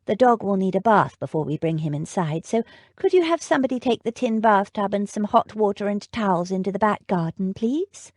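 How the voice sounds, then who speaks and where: A woman's voice: mid-range voice, lively intonation, brisk, darkish tone, no echo, clean studio sound, close to an everyday voice. A woman voicing an earnest young lady, firm and eager, in an audiobook.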